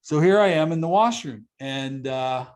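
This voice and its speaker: A middle-aged Canadian man appears as an interview guest, telling a personal story bluntly and conversationally. He swears freely and repeats phrases for emphasis, his voice on the high side, expressive, at normal speed.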